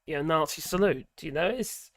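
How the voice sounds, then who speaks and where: A man's voice: on the high side, lively intonation, moderate pace, no echo. Brief: sardonic male livestream host, rambling chat, dry close recording. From England. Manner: sardonic, rambling, with wry laughs. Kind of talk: casual livestream commentary.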